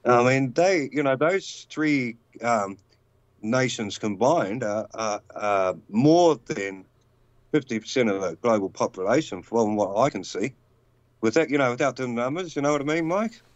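A man's voice: medium pitch, animated, measured pace, dry recording, lo-fi sound. A man with a New Zealand accent, calling into a show and talking casually, blunt and rambling in his opinions. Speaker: guest caller. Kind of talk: casual call-in chat.

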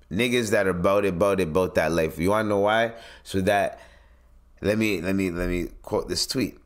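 A man hosting a solo podcast, giving blunt, profane commentary in a casual ranting manner. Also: sits low. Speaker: podcast host.

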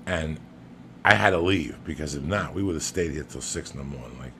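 A man's voice: rumbling low, a little fast. A middle-aged man from New Jersey with a Jersey accent, telling brash, profane stories on a podcast. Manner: brash, profane, bursts into loud laughing shouts. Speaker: podcast host. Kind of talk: casual storytelling. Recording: noisy room ambience.

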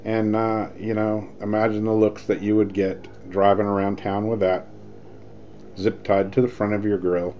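Man, low voice, casual vlog story, rambling, dull lo-fi sound, faint hiss. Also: moderate pace. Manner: rambling, animated, acts out quoted lines. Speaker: vlogger telling a story.

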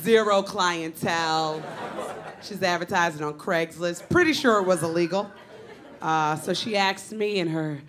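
A woman in her thirties performing a stand-up comedy set on a club stage, with a brash, punchy delivery and sudden shouted bits. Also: lowish voice, measured pace, some chatter behind. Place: comedy club stage before a laughing audience. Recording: live club recording with audience laughter.

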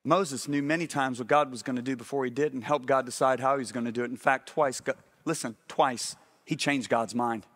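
A middle-aged man preaching a sermon, animated and often asking the congregation if they follow him. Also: medium pitch, a little fast.

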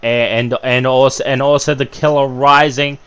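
A man doing amateur play-by-play commentary on a wrestling video game, excitable and full of fillers and stammered restarts. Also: mid-range voice, measured pace, clear, resonant tone.

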